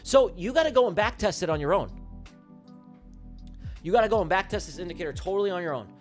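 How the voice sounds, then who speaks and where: High-voiced emphatic man hosting a trading stream. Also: expressive, fast, soft background music. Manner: emphatic, repetitive, swears casually. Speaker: livestream trading host. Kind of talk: live day-trading commentary.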